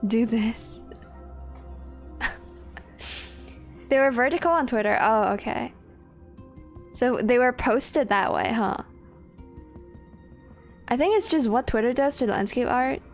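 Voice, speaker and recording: A woman's voice: on the high side, takes it slowly, pauses often. A young woman streaming a game, chatting casually, rambling, swearing and laughing as she greets her chat. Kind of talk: casual live-stream chat while gaming. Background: faint game music.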